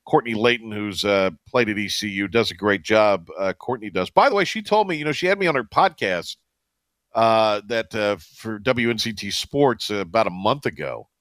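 A man hosting a casual sports radio show, talking in a rambling, halting way with many fillers and restarts. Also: lowish voice, animated, fairly bright tone, no room sound.

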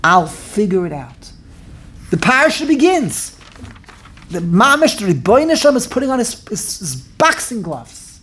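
A woman giving an animated Torah class on the weekly portion, acting out the dialogue in quick back-and-forth voices and repeating her phrases for emphasis. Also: medium pitch. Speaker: Torah teacher.

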